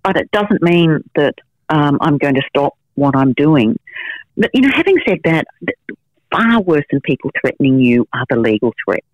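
A middle-aged investigative journalist appears as an interview guest, answering with frank stories laced with fillers and restarts. Her voice is low-pitched and sing-song, at normal speed. The sound is dry and lo-fi.

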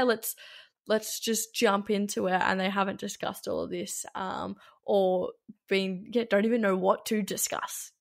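A woman's voice: medium pitch, creaky. Chatty woman podcast host. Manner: chatty, laughs often, many fillers like "like". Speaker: podcast host, sexologist and sex educator. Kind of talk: casual podcast conversation.

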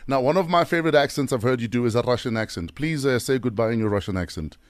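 A man hosts a radio interview, asking his questions in a friendly, upbeat way. His voice is middle-pitched and sits dry and close in a studio. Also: quick pace, dry recording. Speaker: radio host.

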